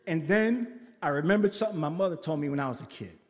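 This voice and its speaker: A man from the Bronx telling a story on stage, animated and acting out his quotes with swearing and laughter. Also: a little high, quick pace. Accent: New York. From the Bronx, New York. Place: stage in a large theater. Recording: long reverb of a live hall.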